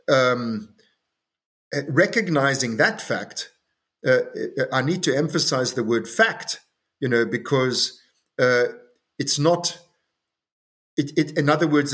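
An older man from South Africa speaks as an interview guest in a measured, mid-pitched voice. He thinks aloud and hesitates often, circling back with fillers and restarts as he works through his thoughts. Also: fairly bright tone. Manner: halting, with many fillers and restarts. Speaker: interview guest, farm owner. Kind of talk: reflective interview talk.

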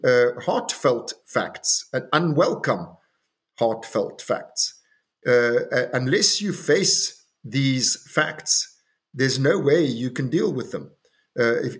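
Older man from South Africa, interview guest; halting and thoughtful, full of fillers and restarts. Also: medium pitch. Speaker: interview guest, farm owner. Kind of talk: reflective interview talk.

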